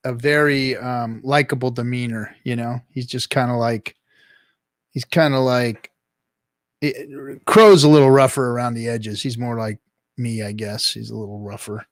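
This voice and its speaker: A man's voice: mid-range voice, steady tone, no room sound, clean studio sound. Rambling man hosting a live stream. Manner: rambling, halting, many restarts. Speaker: podcast host. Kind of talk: casual live-stream chat.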